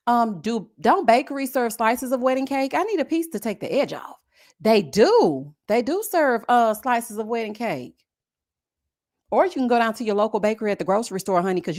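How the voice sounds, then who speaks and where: Sassy woman, fairly high voice, casual commentary, animated, calls everyone honey. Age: adult with a son. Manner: sassy and animated, mocking impressions, frequent "honey". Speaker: live-stream reality show commentator. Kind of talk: casual chat reacting to a reality show.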